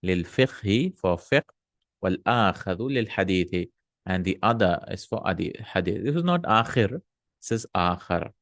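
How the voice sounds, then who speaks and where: A man's voice: low voice, expressive, moderate pace, no echo, clean studio sound. A man teaching an Arabic grammar lesson, reading Arabic lines aloud and then translating them step by step, with frequent hums and uhs.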